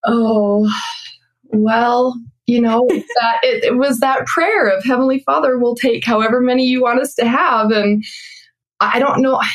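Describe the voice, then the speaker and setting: A woman's voice: fairly high pitch, a little slow. A woman in her thirties, a guest in an interview, telling a family story with frequent laughter. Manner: lively retelling with frequent laughter. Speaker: interview guest, mother of six.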